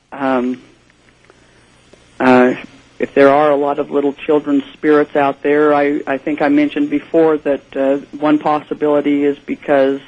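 A man guesting on a radio interview as a ghost investigator, speaking hesitantly with many fillers, heard over dull broadcast audio. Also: on the high side.

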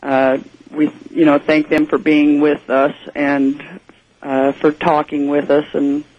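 A man's voice: on the high side, monotone, slow pace. A man guesting on a radio interview as a ghost investigator, speaking hesitantly with many fillers, heard over dull broadcast audio.

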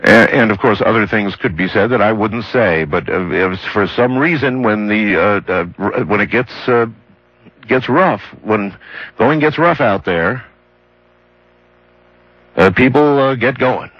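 A man's voice: fairly low pitch, measured pace, dry recording. A man hosting a late-night call-in radio show, musing aloud with stammered restarts and dry jokes. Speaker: radio talk show host. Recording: dull lo-fi broadcast sound.

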